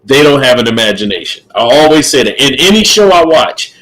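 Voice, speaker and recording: A man's voice: mid-range voice, very animated, brisk, a bit bright, poor audio. A middle-aged man co-hosting a casual podcast chat, opinionated, repeating himself and laughing often. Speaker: podcast co-host.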